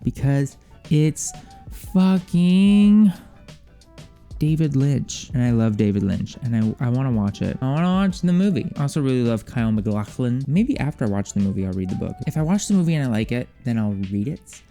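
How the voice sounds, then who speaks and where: Animated young man, dark mellow voice. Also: mid-range voice, faint music behind. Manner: animated, swears freely, quick asides and acted-out quotes. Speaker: vlogger. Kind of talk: casual shelf-tour vlog.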